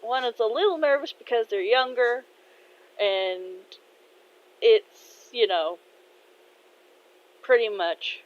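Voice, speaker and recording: A woman's voice: a little high, slow pace, long pauses. A woman casually telling her own fan story aloud, hesitant, with many fillers and "he's like" asides. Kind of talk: casual spoken fan fiction. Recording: dull lo-fi recording.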